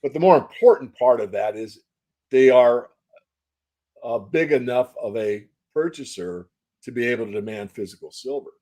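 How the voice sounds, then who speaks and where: An older man answering interview questions as a market analyst, measured and folksy, repeating phrases for emphasis. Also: medium pitch, lively intonation, mellow. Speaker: silver market analyst guest.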